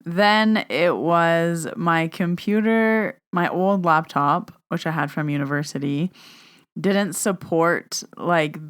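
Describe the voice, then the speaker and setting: Young woman podcaster, kinda low voice, chatty storytelling, says like a lot, podcast mic. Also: clear, resonant tone. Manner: chatty storyteller, acts out dialogue, says "like" often. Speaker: podcast host and medium. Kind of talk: casual solo podcast chat. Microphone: podcast microphone.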